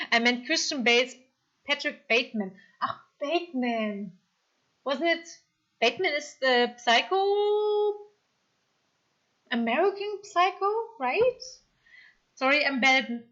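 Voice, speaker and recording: A woman with a German accent chatting casually on a live stream, reading comments aloud and apologizing often in an excitable way. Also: fairly high pitch, dull audio.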